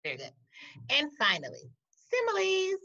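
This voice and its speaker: A woman teacher gives a recorded poetry lesson, speaking slowly and deliberately with lively pitch. The audio is muffled, dull, and lo-fi.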